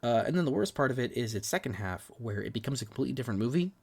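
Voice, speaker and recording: A mid-range male voice, gravelly and husky, comes out rapid-fire and expressive. He's co-hosting a film podcast, giving candid reviews with free swearing in casual chat, restarting words and sometimes falling to a near whisper.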